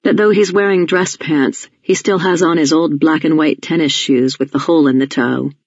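An audiobook narrator reading a novel in a measured, even storytelling manner. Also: mid-range voice, husky, no echo, dull audio. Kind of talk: scripted narration.

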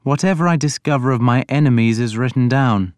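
A man voicing a mild but stern scholarly king in an audiobook, speaking in a measured way. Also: medium pitch, a little mellow, no room sound, close to an everyday voice. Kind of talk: audiobook character voice.

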